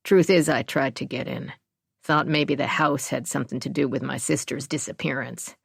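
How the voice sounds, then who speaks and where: A woman's voice: rumbling low, fairly even intonation, moderate pace, gravelly, breathy edge, no room sound, clean studio sound, full character voice. A woman voicing a blunt, matter-of-fact middle-aged man in an audiobook. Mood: reflective. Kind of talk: audiobook character voice.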